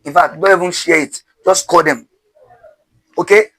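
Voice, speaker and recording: A man's voice: fairly high pitch, fairly even intonation, normal speed, sharp tone, poor audio. A man teaching pronunciation step by step, drilling syllables with call-and-response and asking rhetorical questions.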